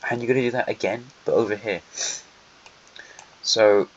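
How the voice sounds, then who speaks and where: A man's voice: on the low side, fairly even intonation, normal speed. A man narrating an alternate history map in a casual, wry way, with dry joking asides that talk straight to the countries. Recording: lo-fi with faint hiss.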